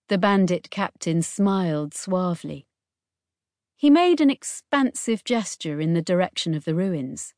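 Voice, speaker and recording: Reading scripted audiobook narration, a woman with a fairly low voice keeps her delivery even and measured. The recording is studio quality with no room sound.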